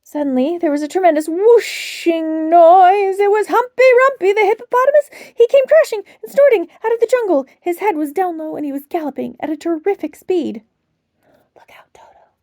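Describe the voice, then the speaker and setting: A woman reading a children's book aloud as a bedtime story, in an expressive, dramatic storytelling manner. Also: extremely high pitch, brisk, few pauses, dry recording, studio quality.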